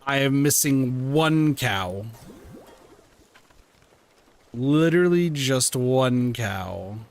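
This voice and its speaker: A man's voice: mid-range voice, expressive, drawn-out words. A man streaming a game, chatting to himself and talking to the creatures he catches. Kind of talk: casual gaming livestream.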